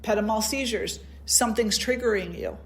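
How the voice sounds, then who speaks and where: Middle-aged woman teacher, storytelling satsang talk, mid-pitched, lively quoted voices. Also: normal speed. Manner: storytelling, acts out quoted dialogue. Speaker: spiritual teacher.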